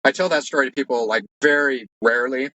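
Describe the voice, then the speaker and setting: A fast-talking man with a medium-pitched, bright and forceful voice shares his personal story as an interview guest. The audio is dull with a little hiss or hum. His casual storytelling is earnest and rambling, thick with "like" and restarts.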